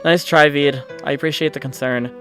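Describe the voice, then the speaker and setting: A man voicing a calm, self-sacrificing young man. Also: a little high, moderate pace, soft background music.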